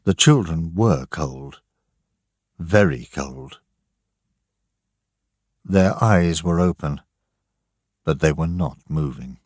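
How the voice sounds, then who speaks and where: A man reading a graded storybook aloud in a measured, deliberate way. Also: very deep voice, no echo, studio quality. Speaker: narrator. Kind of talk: slow, expressive storybook narration.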